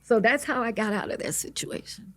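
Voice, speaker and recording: A middle-aged woman telling her life story as an interview guest, earnest and halting, with many restarts. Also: on the high side, a bit bright, a little hiss or hum.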